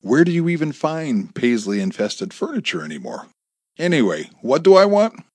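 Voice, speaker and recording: A man's voice: a little high, big pitch swings, moderate pace, darkish tone, no echo, studio quality, pitched above the performer's own voice. A man doing a taunting sarcastic kidnapper. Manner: taunting, mocking, cruel. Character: menacing sarcastic male kidnapper on phone.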